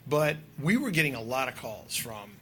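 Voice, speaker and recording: Male guest filmmaker, mid-pitched, keen and rambling, faint noise behind. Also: sing-song, normal speed. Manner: enthusiastic, rambling storyteller. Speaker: guest filmmaker and drone pilot. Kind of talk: casual podcast conversation.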